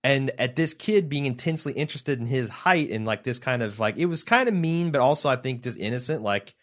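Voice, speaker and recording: A man in his thirties co-hosting a casual film chat, halting and searching for words, getting animated when he tells a story. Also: medium pitch. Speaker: podcast co-host.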